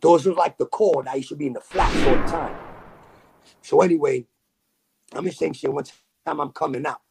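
A man with a New York accent telling a story in a casual, animated way, full of slang and fillers. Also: a little high, normal speed, gravelly, a little hiss or hum. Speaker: podcast guest.

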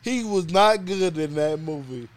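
Laid-back male podcast co-host, unhurried, dry close recording. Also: on the high side, animated, no room sound. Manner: laid-back, laughs often, defends his picks. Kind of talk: casual banter about movies.

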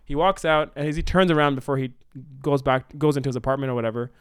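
A man talks fast and loosely, piling up fillers as he pitches a movie scene to his co-host. His voice is smooth and clear. The sound is close and dry. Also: dry recording. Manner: animated, rambling storytelling with many fillers. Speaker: podcast co-host. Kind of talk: casual brainstorming chat.

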